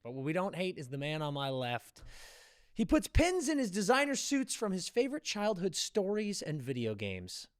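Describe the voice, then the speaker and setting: A man's voice: sits high, no echo, clean studio sound. A man hosting a sports podcast, teasing his co-host and running through stats in casual banter. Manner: lively, teasing, quick delivery of stats.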